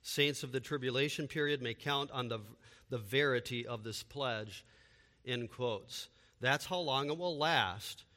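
Bright-voiced preacher in reverberant hall. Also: male voice, mid-range voice, unhurried. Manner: emphatic preaching, repeated rhetorical questions. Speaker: pastor. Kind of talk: sermon.

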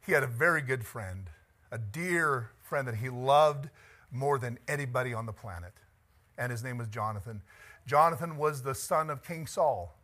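A man's voice: mid-range voice, fairly bright tone. A middle-aged man preaching a conversational sermon as pastor, chatty and joking, laughing often and moved by the text.

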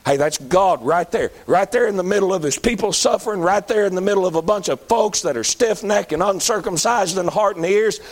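A man's voice: high-pitched, brisk, hardly any pauses. A man preaching a sermon in a folksy, emphatic manner.

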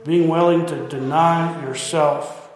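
A man's voice: a little high, steady tone, slow pace. A man preaching a sermon, pressing listeners with repeated rhetorical questions. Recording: heavy echo, long hall reverb.

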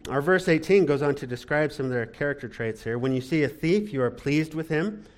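A man preaching a sermon with dramatic emphasis, swinging between loud rises and quiet drops, with sarcastic asides. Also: a little high, expressive, a little fast. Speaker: pastor.

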